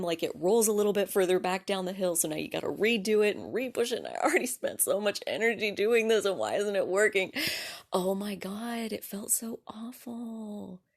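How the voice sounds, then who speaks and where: A young adult woman hosting her own podcast, telling a personal story in a casual, animated way, full of likes, restarts, laughs and swearing. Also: deep voice. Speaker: podcast host.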